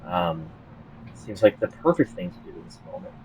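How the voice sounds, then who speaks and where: A man narrating as game master of a tabletop game, halting with many fillers and restarts. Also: low voice, huge pitch swings, darkish tone, a little hiss or hum, low-quality recording.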